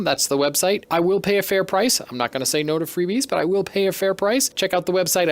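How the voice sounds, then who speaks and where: A man's voice: on the high side, fairly bright tone, long reverb tail. A man hosting his own podcast, chatting casually and enthusiastically as he unboxes toys. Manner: chatty, enthusiastic, self-deprecating. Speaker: podcast host.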